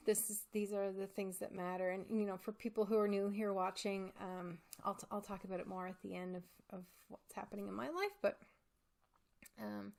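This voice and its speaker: A woman hosting a crafting vlog in casual chat, talking in a heartfelt, halting way with many pauses and restarts. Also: mid-range voice, fairly even intonation, vocal fry, a little mellow. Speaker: crafting channel host.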